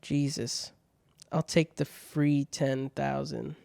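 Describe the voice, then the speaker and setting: A man's voice: mid-range voice, flat delivery, slow pace, gravelly, a little mellow, no room sound. A man hosting his own show, reading out viewer questions and jokes in laid-back casual chat, swearing freely.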